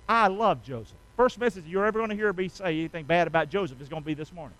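Man preaching, high smooth voice, dry close sound, call-and-response delivery. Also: racing, few pauses, dry recording, low-quality recording. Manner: call-and-response preaching, asks congregation to repeat; animated, rising loud on key phrases. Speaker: pastor. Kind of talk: sermon.

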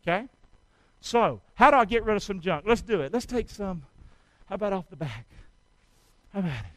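A man preaching a sermon, calling on the congregation to repeat after him and shouting exhortations. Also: sits high, expressive, moderate pace, dry recording, rough recording. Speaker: pastor.

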